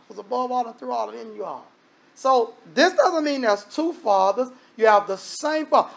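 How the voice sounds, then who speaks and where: A man preaching a sermon in a conversational, emphatic way, breaking into sudden loud bursts. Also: very high-pitched.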